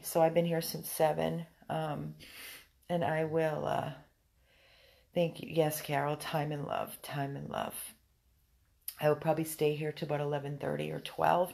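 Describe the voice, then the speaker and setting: A worn-out, sad woman on a phone livestream from a dog rescue. She speaks softly, sighs often and gently coaxes the dogs. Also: very deep voice, gravelly, slight background noise. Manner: soft-spoken, sighing, coaxing the dogs gently. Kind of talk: live-stream chat.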